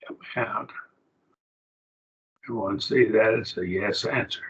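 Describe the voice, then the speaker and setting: Low-voiced man teaching Greek grammar. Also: steady tone, fairly bright tone. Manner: slow, explaining, asks the class questions. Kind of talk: online grammar class. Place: online video call. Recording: dull lo-fi call audio.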